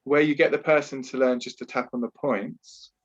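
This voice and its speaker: A man's voice: medium pitch, steady tone, moderate pace, highs cut off. A man working as a trauma therapist and talking earnestly in a podcast interview over a video call, explaining at length with frequent restarts. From Britain.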